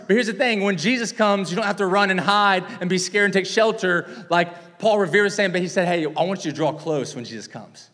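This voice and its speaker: A man's voice: high-pitched, fairly quick, few pauses, fairly bright tone, big-room sound. A man preaching a sermon, teaching with big swings in volume and emphasis. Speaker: pastor.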